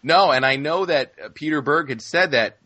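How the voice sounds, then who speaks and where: A man co-hosting a podcast in casual film discussion, talking in halting starts and restarts. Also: a little high, pushed and bright, no room sound. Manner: halting, many restarts and fillers. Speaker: podcast co-host.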